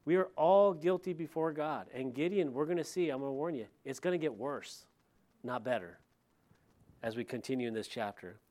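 Preaching through a passage verse by verse, this middle-aged pastor keeps things conversational, with animated retellings and remarks aimed at his congregation. He speaks at a moderate pace in a medium-pitched voice.

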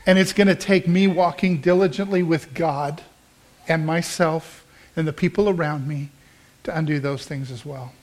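A middle-aged man preaching from the pulpit, with a voice that sits a little high for a man. He tells his sermon as a personal story and slips into the voices of the people he quotes. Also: steady tone, moderate pace. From American Midwest. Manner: storytelling, acts out quoted dialogue, conversational. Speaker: pastor.

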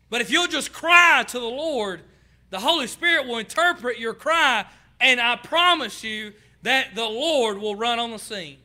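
A man's voice: very high voice, expressive, normal speed, sharp tone. A young man preaching a sermon, telling folksy stories with fillers and repeated words. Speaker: pastor.

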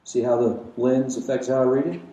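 A man preaching a sermon, emphatic, with rhetorical questions and swings between loud and quiet. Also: mid-range voice, steady tone, a little fast, dull audio. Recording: echoey room, mic at a distance.

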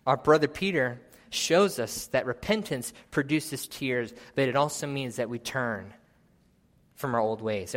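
A man's voice: medium pitch, fairly bright tone. A man preaching a sermon, earnest and exhorting, reading scripture aloud. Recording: long hall reverb.

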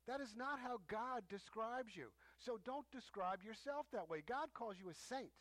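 A man preaching a sermon as a teaching, emphatic, stressing points with rising pitch. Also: lively intonation, moderate pace, fairly bright tone, no room sound.

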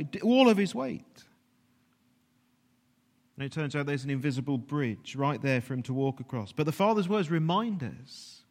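A man preaching a sermon earnestly, at times dropping to a hushed, almost whispered voice. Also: a little high. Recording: long reverb of a large hall.

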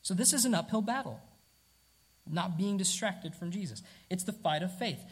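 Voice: medium pitch, expressive, moderate pace, breathy edge. A preacher delivering a sermon emphatically, asking rhetorical questions and repeating key words.

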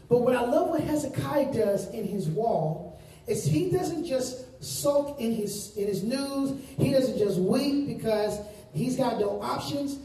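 A male pastor preaching a sermon to a congregation, stressing words and stretching out key phrases slowly. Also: very high-pitched, animated, dark tone. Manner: emphatic preaching with slow drawn-out phrases. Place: large room with congregation. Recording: very echoey room, distant mic.

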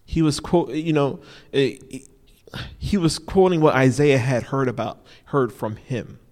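A man's voice: mid-range voice, unhurried, darkish tone. A man preaching an informal sermon, repeating key phrases for emphasis and often saying "you know". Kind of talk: conversational sermon. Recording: long reverb of a large hall.

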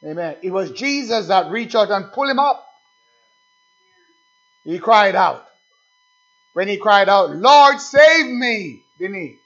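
High-voiced man preaching emphatically. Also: lively intonation, unhurried, pauses often, fairly bright tone. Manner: repetitive, emphatic preaching with call-outs of "amen". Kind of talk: sermon. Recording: dull lo-fi sound.

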